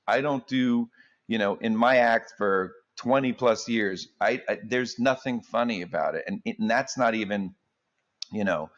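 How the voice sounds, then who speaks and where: A man who is a comedian, talking as a guest in an animated, jokey way and acting out the quotes he tells. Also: on the low side, highs cut off. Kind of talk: comedic interview chat.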